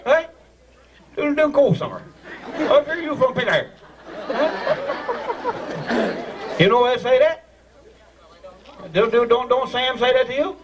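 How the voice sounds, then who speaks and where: A man's voice: extremely high pitch, big pitch swings, unhurried, long pauses. A man with a Newfoundland accent leading a rowdy ceremony, joking and laughing with the people he is teasing. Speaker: screech-in ceremony leader. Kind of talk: joking crowd banter. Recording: far mic over a loud crowd.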